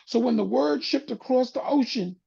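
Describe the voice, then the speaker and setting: A man hosting a panel talk, speaking with an impassioned, preacher-like cadence that drops low and soft for emphasis. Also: moderate pace, creaky, husky, highs cut off. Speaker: panel host. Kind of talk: impassioned talk-show monologue.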